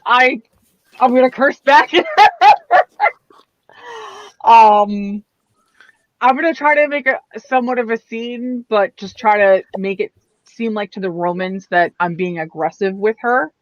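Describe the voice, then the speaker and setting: A woman's voice: a little high, measured pace, long pauses, dry recording, muffled recording. A woman playing a tabletop game, chatting casually and swearing bluntly. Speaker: player. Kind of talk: casual chat.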